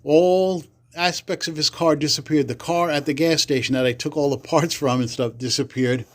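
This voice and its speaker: A man from the Bronx, a podcast guest telling stories casually, acting out other people's lines with big leaps in pitch and salty language. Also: steady tone, normal speed. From the Bronx, New York. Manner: acts out quoted voices with big jumps in pitch, salty language. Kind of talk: casual storytelling.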